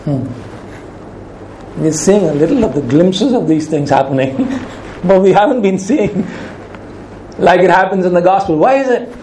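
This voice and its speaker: A man preaching a sermon as pastor, emphatic, slowing and rising in pitch when he quotes commands. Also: lively intonation, warm tone, echoey room, a little hiss or hum, rough recording.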